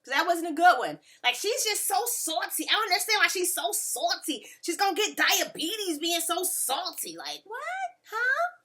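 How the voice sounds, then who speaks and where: Woman, high, bright, animated, casual vlog recap. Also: moderate pace, few pauses. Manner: animated, mimics people in quotes. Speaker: reality TV reviewer.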